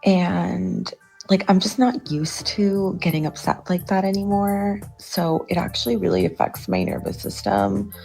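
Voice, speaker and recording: Gravelly low-voiced woman venting. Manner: agitated, swearing, rising to loud outbursts. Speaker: TikTok storyteller. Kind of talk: venting storytime to camera.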